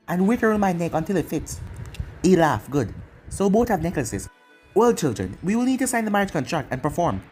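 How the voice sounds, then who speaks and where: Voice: mid-range voice, darkish tone, rough recording. A reader narrating a fan story aloud, voicing every character in the same voice and running lines and tags together.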